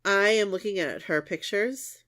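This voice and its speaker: A woman's voice: medium pitch, a little slow, a bit bright. A woman in her thirties co-hosting a podcast, chatting casually and rambling with lots of "like" and restarts. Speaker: podcast co-host. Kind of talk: casual chat.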